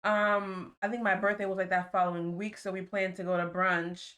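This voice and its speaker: A woman's voice: medium pitch, little pitch movement, moderate pace, fairly bright tone. A young adult woman, a guest in a casual chat, telling her story earnestly and laughing often.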